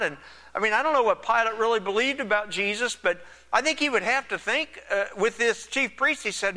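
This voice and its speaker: A man's voice: sits high, sing-song, a little fast, bright, forceful tone, in a large hall. A man preaching a sermon, conversational, imagining and acting out the dialogue of the story. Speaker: pastor.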